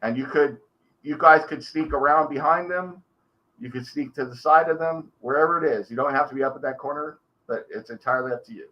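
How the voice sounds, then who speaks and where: A man's voice: a little high, fairly quick, highs cut off. A man running a tabletop game as game master, describing scenes and explaining options.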